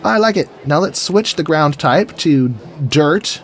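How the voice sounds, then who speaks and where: A man's voice: on the high side, lively intonation, unhurried, a little hiss or hum. A man giving casual, goofy commentary while building in a game, chatting to himself as he goes. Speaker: gaming video creator. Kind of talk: casual let's-play commentary.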